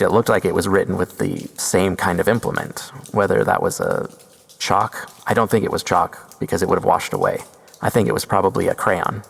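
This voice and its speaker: A man hosting a podcast, telling a first-person story slowly and deliberately, with suspenseful pauses. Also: low-pitched, creaky, long reverb tail. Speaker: podcast host.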